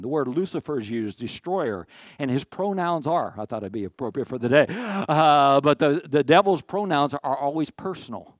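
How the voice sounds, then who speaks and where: A man's voice: medium pitch, dry recording. A man in his sixties preaching a sermon as pastor, folksy and rambling, with asides and jokes. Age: 60s.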